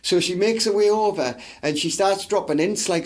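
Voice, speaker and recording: A man's voice: high voice, a little fast, few pauses. A man with a Teesside accent co-hosting a podcast, telling crude, boisterous stories. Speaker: podcast co-host. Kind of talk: casual chat.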